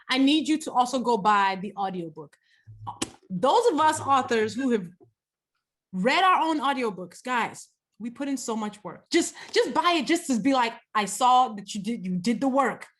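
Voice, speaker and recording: A woman author in a casual video conversation, emphatic and animated, who swears freely. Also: on the high side. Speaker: author and interviewer.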